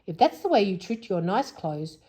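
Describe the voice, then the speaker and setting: A woman's voice: mid-range voice, sing-song, moderate pace, warm tone, husky. A woman voicing the scolding, worried parents in a children's story. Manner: scolding, raised and emphatic. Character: worried hard-up mother and cross father.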